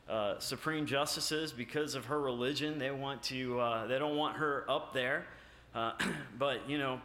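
A man preaching a sermon, halting with many filler sounds and restarts, then rising with emphasis on key points. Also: mid-range voice, bright, forceful tone. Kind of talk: sermon with scripture reading. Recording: echoey room.

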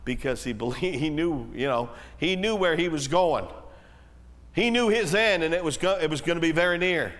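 A man preaching a sermon in a folksy, conversational way, swelling to emphatic peaks and then dropping low and slow, in a church hall. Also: expressive, fairly bright tone. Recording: long reverb of a church hall.

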